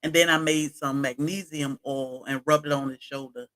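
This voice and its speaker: A woman's voice: rumbling low, steady tone, moderate pace, fairly bright tone, poor audio. A woman chatting casually on a homestead livestream, greeting viewers from the chat by name as she talks.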